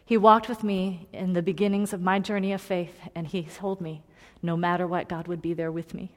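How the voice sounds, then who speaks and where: A woman preaching a personal story in a sermon, earnest and confiding, moving between loud emphasis and hushed tones. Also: lowish voice, level tone, normal speed. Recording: long hall reverb.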